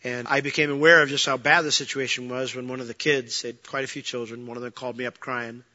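Male pastor, sermon storytelling, piercing bright tone, emphatic and humorous, muffled lo-fi recording. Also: medium pitch, quick pace, hardly any pauses. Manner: animated preaching, building to loud passionate peaks. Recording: dull lo-fi sound.

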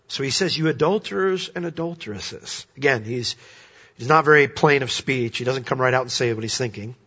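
A bright, lively male preacher whose voice rises high and loud on emphatic points, then drops to near-hushed asides. The tone is a touch husky. The recording sounds dull and lo-fi. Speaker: pastor. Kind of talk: sermon.

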